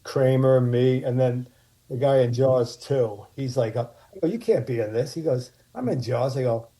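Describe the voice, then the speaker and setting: Podcast guest: man, very dark mellow tone, rambling casual storyteller full of restarts. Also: mid-range voice, steady tone, unhurried. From Martha's Vineyard, USA. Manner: rambling anecdotes with many restarts.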